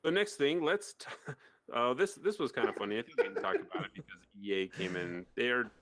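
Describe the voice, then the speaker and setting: A man co-hosting a casual gaming podcast, animated and sarcastic, rambling with restarts. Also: mid-range voice, a little fast, dry recording. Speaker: podcast co-host. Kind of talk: casual chat.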